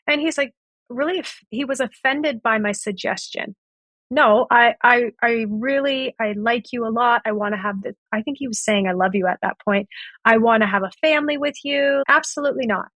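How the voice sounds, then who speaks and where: Her voice is a little high and a bit bright, at normal speed, with no echo. As a podcast guest, she recounts an old relationship, performing both sides of each exchange.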